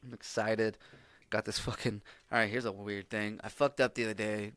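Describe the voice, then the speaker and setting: A man's voice: on the low side, flat delivery, normal speed, fairly bright tone, clean tone, no echo. A man hosting a solo podcast, chatting casually in a rambling, profane, laid-back way. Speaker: podcast host.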